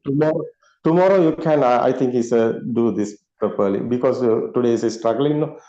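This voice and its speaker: Male host, halting delivery, lots of fillers, laughs often; muffled video call sound. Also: medium pitch, warm tone. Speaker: discussion host. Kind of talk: casual video call discussion.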